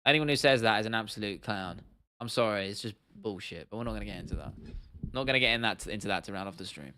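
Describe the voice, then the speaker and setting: A man's voice: on the low side, fast, sharp tone, clean tone. A young man from the UK hosting a casual livestream Q&A, talking bluntly with plenty of slang and swearing and often restarting his sentences. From United Kingdom. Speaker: livestream host.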